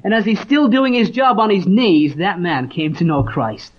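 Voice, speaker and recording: Male preacher, fairly high voice, earnest storyteller, lo-fi sermon tape. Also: moderate pace. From Leeds, northern England. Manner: earnest storytelling, reads scripture aloud. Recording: dull lo-fi recording.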